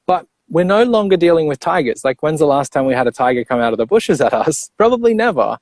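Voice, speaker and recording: A man's voice: a little high, lively intonation, fast talker, a little mellow, no room sound. Teacherly man explaining in a dry room. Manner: clear, teacherly, checks in with "right?" and "okay?". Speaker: breathwork coach. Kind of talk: explanatory interview talk.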